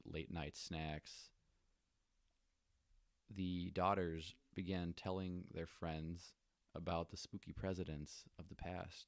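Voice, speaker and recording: A young man co-hosting a podcast, telling stories in a relaxed, jokey way with lots of fillers. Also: deep voice, dry recording. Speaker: podcast co-host. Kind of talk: casual chat storytelling.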